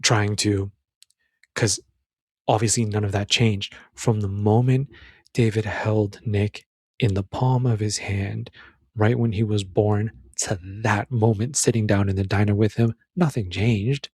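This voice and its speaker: A man's voice: lowish voice, fairly even intonation, unhurried, a little mellow, husky, dry recording, clean studio sound. A man giving a casual, earnest commentary on a film scene, emphatic and full of restarts.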